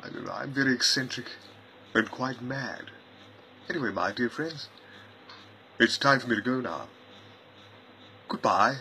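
A man playing an eccentric, chuckling gentleman time traveller who rambles and mutters to himself in a fan-made audio parody. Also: mid-range voice, a little slow, creaky, long pauses, a little hiss or hum.

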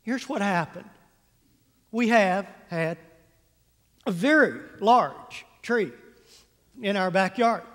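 Male pastor, animated comic storyteller, very high voice, big church-hall reverb. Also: takes it slowly, pauses often. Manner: animated, comic timing, stretches words for effect. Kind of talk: humorous storytelling sermon. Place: church sanctuary.

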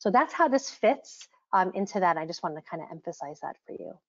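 A woman's voice: lowish voice, a little fast. A woman presenting a webinar as an author, talking earnestly with frequent ums. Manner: earnest, frequent ums, quotes examples in lively voices. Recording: dull lo-fi webinar audio.

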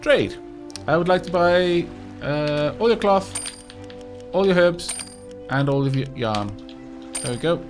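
A man's voice: a little high, expressive, measured pace, long pauses, faint music behind. A man hosting a casual let's play, chatting as he goes in a self-mocking way and stammering as he restarts his sentences. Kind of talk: casual gameplay commentary.

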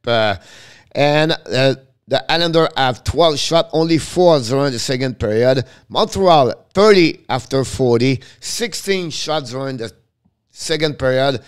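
A man's voice: mid-range voice, clear, resonant tone. Man calling hockey play-by-play. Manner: halting non-native English, rapid call of the action; chats with viewers between plays. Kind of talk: live play-by-play commentary.

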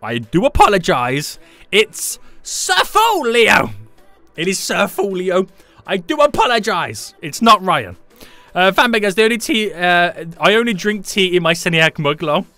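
A young man live-streaming a game, chatting with viewers in a hyped, jokey, animated way. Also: sits high, normal speed, no room sound, soft background music. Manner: hyped, jokey, animated, greets chat members.

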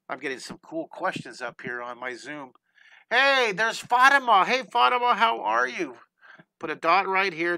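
Male drawing teacher, bright and forceful voice, fairly high, upbeat and encouraging, dry close sound. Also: no room sound, poor audio. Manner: breaks into playful chants and sound effects. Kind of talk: live online drawing lesson.

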